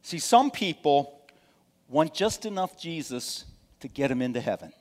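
Preacher with a higher voice in a reverberant hall. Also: male voice, sing-song, measured pace. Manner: conversational preaching, often checks in with the congregation; swings between loud emphasis and soft, near-whispered asides. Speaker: pastor. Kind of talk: sermon. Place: church sanctuary.

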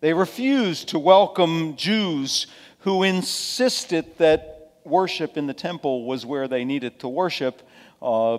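A man preaching a sermon in a folksy, dramatic way, moving between quiet asides and forceful emphasis, with sarcastic remarks to his listeners. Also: a little high, big-room sound.

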